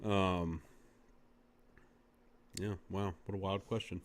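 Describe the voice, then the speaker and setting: A man's voice: deep voice, level tone, takes it slowly. A man co-hosting a podcast in casual chat, easygoing and rambling, with lots of fillers. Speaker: podcast co-host.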